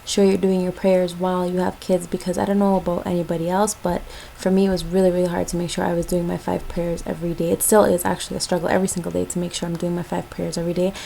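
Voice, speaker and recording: A woman's voice: fairly low pitch, flat delivery, fast, vocal fry, dark tone, a little hiss or hum, rough recording. A young woman from Jamaica, a mother, giving parenting tips in a casual, chatty vlog with lots of ums and likes.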